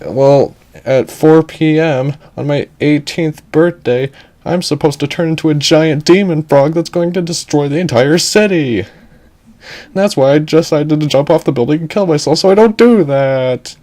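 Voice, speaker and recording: A man's voice: unhurried, dark tone, natural voice. A man putting on a frantic teenage girl's voice. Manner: frantic, high-pitched pleading. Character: distraught teenage girl about to turn into a frog demon.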